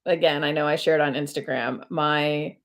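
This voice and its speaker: Casual female host, slightly low pitch, rambling live-stream chatter at home. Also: fairly even intonation, moderate pace. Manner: chatty and rambling, many fillers and self-corrections. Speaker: host of a cross-stitch video channel. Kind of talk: casual live-stream chat while stitching.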